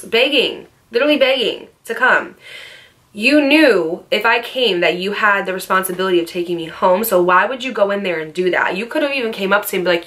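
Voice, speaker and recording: A woman vlogger telling a storytime in a loose, chatty flow, full of asides and filler words. Her voice sits in an ordinary middle pitch. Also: expressive, a little fast, a bit bright. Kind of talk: storytime vlog.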